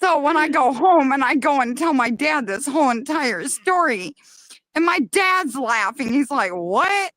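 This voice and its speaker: A woman co-hosting a casual chat on a remote call, telling a family story with animated asides. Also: high voice, normal speed, no room sound. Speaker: co-host. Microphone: remote call mic.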